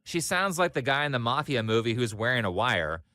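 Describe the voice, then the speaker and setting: A man narrates a scripted commentary in a flat, matter-of-fact tone. His voice is bright and forward, and it sits on a dry, close recording with no room sound. He keeps an even, measured delivery throughout. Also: mid-range voice, no room sound.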